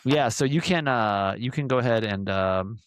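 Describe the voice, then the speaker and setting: A man's voice: mid-range voice, moderate pace, clear, resonant tone, no room sound, studio quality. A man in his forties hosting a podcast, telling a rambling story with lots of fillers and acting out what people said. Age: 40s. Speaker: podcast host. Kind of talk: casual storytelling chat.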